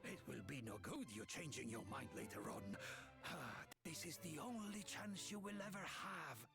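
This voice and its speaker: A gravelly, weary old king. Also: fairly high pitch, animated, measured pace. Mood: pleading, regal. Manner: formal, pleading, old-fashioned royal speech. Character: weary old king eager to give up his crown. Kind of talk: video game voice acting. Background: game music.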